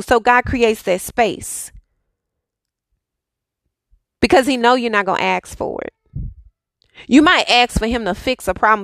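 Speaking in a mid-range voice with no room sound, a spiritual speaker delivers an inspirational monologue. She preaches with encouragement, repeating rhetorical questions throughout.

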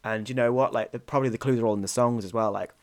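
A man from North East England co-hosts a comedy podcast, cracking crude jokes and giggling through them. His voice sits at an ordinary middle pitch. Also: fairly even intonation, very fast, a little mellow. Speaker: podcast co-host. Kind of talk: casual comedic chat.

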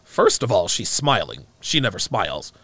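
A man's voice: fairly low pitch, very animated, moderate pace, a bit bright, no echo. A man giving a mocking, profane, emphatic reaction commentary on a clip he plays.

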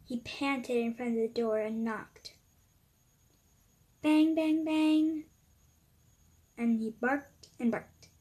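Woman reading a kids' story, slow, breathy, plain narration. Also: a little high, steady tone, darkish tone.

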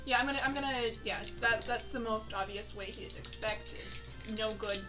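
A woman's voice: a little high, normal speed. A woman playing in a tabletop game, thinking aloud tentatively as she plans her moves. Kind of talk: casual play talk. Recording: distant mic with loud music. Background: loud background music.

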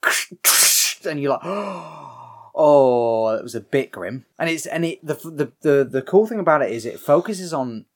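Young guy, casual film-recap chat; lively, swinging pitch and a habit of acting out every character's lines. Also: a little fast, few pauses. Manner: animated storyteller, acts out characters' lines, swears freely. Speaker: podcast co-host recapping a film.

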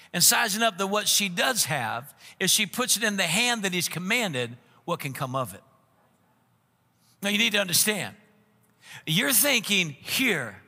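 Gravelly animated preacher in a hall. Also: male voice, sits high. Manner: animated preaching, acting out quoted voices. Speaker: pastor. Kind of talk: sermon. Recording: long reverb of a large hall.

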